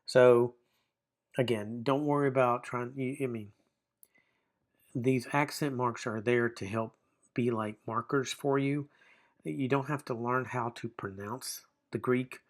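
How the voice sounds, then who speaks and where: A man explaining a textbook grammar lesson to viewers at a medium pitch. He talks in a loose, conversational way, breaking off to add asides and rephrase points. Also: steady tone, measured pace. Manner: informal, explanatory, with frequent restarts and asides to the viewer. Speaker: Greek grammar teacher. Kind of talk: recorded lesson walking through a textbook.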